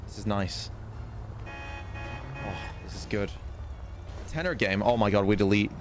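A man streaming a roleplay game, excitedly repeating himself and issuing in-character threats. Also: fairly low pitch, measured pace, music in the background. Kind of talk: live game commentary.

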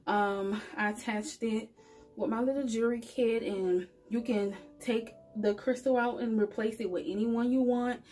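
Faint music plays behind a woman whose voice is on the high side yet dark in tone, steady and moderately paced. In a casual, earnest spirituality vlog, she chats directly with her viewers to motivate them.

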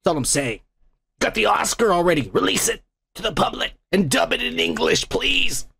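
A man's voice: high-pitched, big pitch swings, normal speed, vocal fry, sharp tone, breathy edge, dry recording. A man hosting a comedy podcast, ranting crudely and mockingly with constant swearing. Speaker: podcast host.

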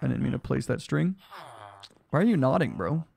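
A man's voice: mid-range voice, big pitch swings, a little fast, creaky, a little mellow. A young man streaming a block game live, chatting casually and reading his chat aloud, tired from lack of sleep. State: sleep deprived, yawning.

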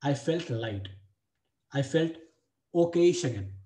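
A man's voice: fairly high pitch, expressive, takes it slowly, dark tone. A young man, telling a blunt, profane personal story as a dating coach and repeating phrases for emphasis. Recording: echoey room.

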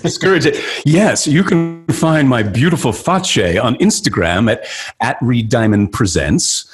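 A man in his fifties, from New York City, chatting playfully as an actor guest in an interview, joking and animated. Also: medium pitch, a little slow, over music. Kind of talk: casual interview chat.

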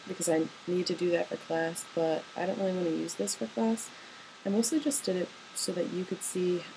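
Tender, rambling young woman, slightly low voice. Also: a little mellow, a little hiss or hum, poor audio. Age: young adult. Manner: rambling, tender and hesitant, with many ums. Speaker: college student. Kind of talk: personal recorded voice message to a partner.

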